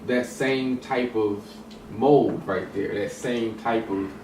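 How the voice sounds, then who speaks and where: A man's voice: on the low side, takes it slowly, a little mellow. A man in a casual hip hop discussion, talking in a rambling way with many restarts and fillers. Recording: roomy echo, distant mic, some noise.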